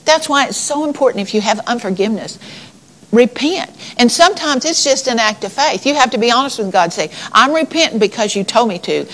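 A woman's voice: a little high, a bit bright, poor audio. Woman preacher, folksy conversational sermon, reads scripture aloud, talks to the congregation.

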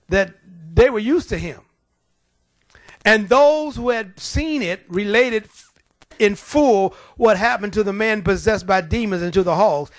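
A man's voice: high voice, dry recording. A man preaching a sermon, telling stories in an emphatic, colloquial way.

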